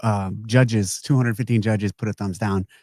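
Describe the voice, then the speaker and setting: A man's voice: fairly low pitch, fairly even intonation, normal speed, a little mellow, dry recording, clean studio sound. A man as a podcast guest in casual chat, blunt and teasing, swearing freely. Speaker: guest, sports event director.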